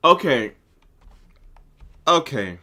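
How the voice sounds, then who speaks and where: Lively, bright-voiced young-sounding man reacting. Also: medium pitch, very slow. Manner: excitable, loud incredulous exclamations. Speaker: content creator. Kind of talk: casual reaction commentary.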